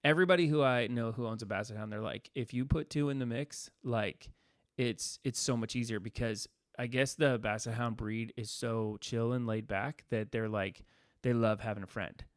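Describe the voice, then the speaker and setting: A man's voice: medium pitch, moderate pace, dry recording, clean studio sound. A man co-hosting a podcast in casual, rambling chat, joking around and trying out silly accents. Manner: rambling, playful, jokey tries at accents. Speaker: podcast co-host.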